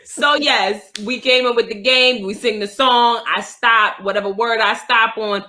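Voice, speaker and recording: Bright-voiced New York woman co-host. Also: on the high side, a little slow. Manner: animated, rambling, laughing often. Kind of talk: casual chat on a video call.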